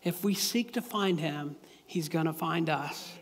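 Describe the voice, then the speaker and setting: A man's voice: fairly high pitch, measured pace. A man preaching a sermon as a pastor, casual and confessional, with many restarts and asides. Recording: echoey hall with long reverb.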